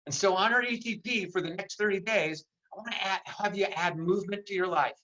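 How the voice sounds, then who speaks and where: In a virtual seminar, an older man gives a passionate motivational speech, hammering his message with repeated phrases. He speaks a little fast in a high, bright, forceful voice. Heard through a video call, the sound has its highs cut off.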